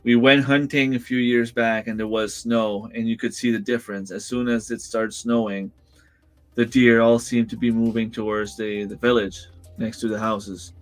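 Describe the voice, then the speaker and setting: A man's voice: medium pitch, little pitch movement, normal speed, dry recording, soft background music. A man hosting a casual livestream from home, chatting with viewers and answering their comments in a rambling way, with lots of fillers and restarts. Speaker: livestream host. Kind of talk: casual live-chat reading comments. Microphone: desk microphone.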